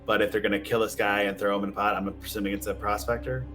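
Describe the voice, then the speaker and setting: A man's voice: on the low side, flat delivery, fast, over music. A man playing a tabletop game, planning moves in plain-spoken casual talk. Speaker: player.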